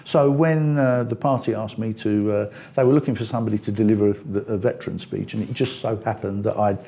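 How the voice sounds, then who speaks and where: Brief: middle-aged English party member, gravelly, dark tone, gets worked up in interview. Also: male voice, fairly quick, dull audio. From England. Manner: animated, rising pitch when making points. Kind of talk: political interview chat.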